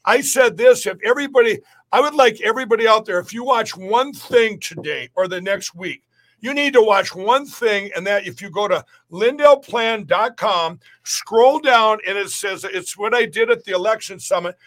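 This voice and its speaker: A middle-aged man with a high, bright voice speaks as a podcast guest. He rambles emphatically and keeps restarting his sentences as he pushes his point. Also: expressive, moderate pace. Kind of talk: podcast interview talk.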